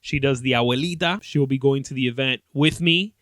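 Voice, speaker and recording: A man's voice: mid-range voice, brisk, dry recording. A man in his late twenties hosting a casual podcast, telling a story with lots of swearing and laughter. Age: 20s. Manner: profane, animated, laughs often. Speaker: podcast host.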